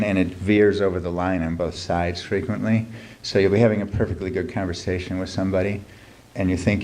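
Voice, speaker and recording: A man's voice: low voice, a little mellow, slight background noise. A middle-aged man reading his humorous essay aloud at a live reading event, dry and wry, with many ums between phrases. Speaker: writer reading his piece.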